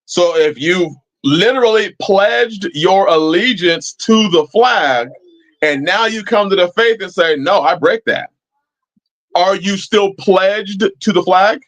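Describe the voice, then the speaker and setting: A man's voice: sits high, takes it slowly, fairly bright tone. A man hosting a live-chat stream, talking casually and preachily, swearing freely as he answers viewers. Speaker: livestream host.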